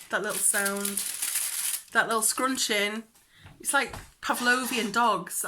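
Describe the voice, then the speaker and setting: A woman's voice: on the high side, background noise. A young woman chatting casually in a craft vlog, giggly and rambling, sometimes dropping into a whisper. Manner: chatty, giggly, drops into whispers when excited. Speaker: cross-stitch vlogger.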